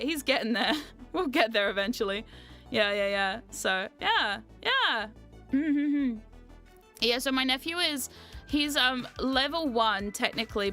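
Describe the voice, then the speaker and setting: A woman vlogger chatting casually, telling animated stories, often laughing and swearing freely. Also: a little high. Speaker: VTuber vlogger. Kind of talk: casual storytelling chat.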